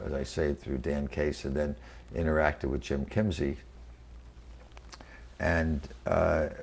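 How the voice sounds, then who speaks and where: A man in his eighties from New York City, recalling his career in a halting oral history interview full of fillers and restarts. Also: a bass voice, flat delivery, vocal fry, a little hiss or hum. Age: 80s. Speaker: interviewee, venture capitalist. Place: quiet room.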